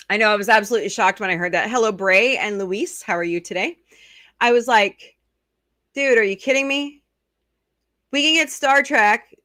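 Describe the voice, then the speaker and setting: A woman's voice: medium pitch, pushed and bright, no echo. Chatty middle-aged woman streamer host, dry close mic, reads the chat as she goes. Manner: chatty, reads and answers viewer comments. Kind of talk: casual live-stream chat.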